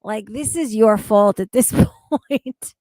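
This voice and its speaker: A woman's voice: fairly high pitch, takes it slowly, warm tone, dry recording, clean studio sound. A woman streamer reacting to videos, with crude, mocking and incredulous commentary full of swearing.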